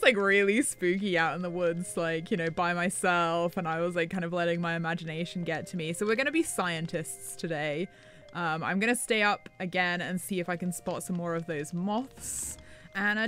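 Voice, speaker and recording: A woman's voice: on the low side, fairly bright tone. A woman narrating a Minecraft horror role-play in character, wonder-struck and breathless, slipping into panic. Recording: faint music underneath.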